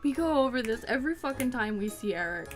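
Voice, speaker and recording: A woman's voice: on the high side, expressive, quick pace, soft background music. A woman casually playing and reading a romance visual novel aloud, joking and swearing along the way. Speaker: game player and reader.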